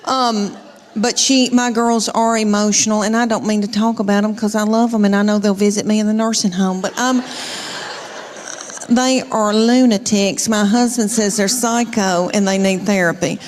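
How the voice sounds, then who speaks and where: A woman's voice: medium pitch, steady tone, moderate pace. A middle-aged woman telling stand-up comedy stories in a chatty, self-mocking way, with folksy asides to the crowd. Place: stage before a live audience. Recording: live stage recording with long reverb.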